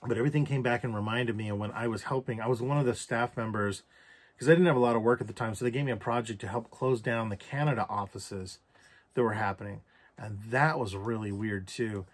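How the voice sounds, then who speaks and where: A man's voice: fairly low pitch, brisk. A man recounting a personal story for a journal vlog, candid and reflective, with casual swearing. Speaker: vlogger.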